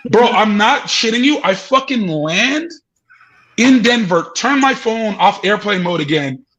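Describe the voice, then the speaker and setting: A man guest on a comedy podcast, telling a story with sweary, animated storytelling, laughing as he goes. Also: high voice, measured pace, poor audio. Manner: swearing, laughing mid-story, acting out voices.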